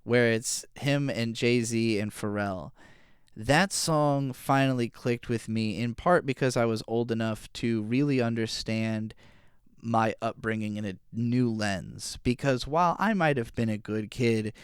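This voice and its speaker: A man's voice: medium pitch, a little slow, clear, resonant tone, no room sound, clean studio sound. A young man from Virginia talking through his favorite albums in a rambling, emotional way, full of fillers. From Virginia, USA. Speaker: music reviewer. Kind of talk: casual album review monologue.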